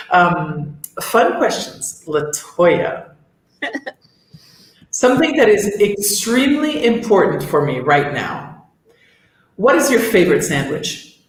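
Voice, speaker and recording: Slow-talking woman co-host in echoey room. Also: mid-range voice, sing-song. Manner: rambling, many restarts and fillers. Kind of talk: casual chat.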